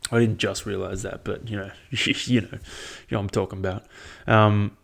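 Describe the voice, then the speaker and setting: Rambling through his solo podcast with frequent swearing, this young Australian host sounds worn out and keeps yawning. His voice is lowish and gravelly, delivered flatly at a moderate pace.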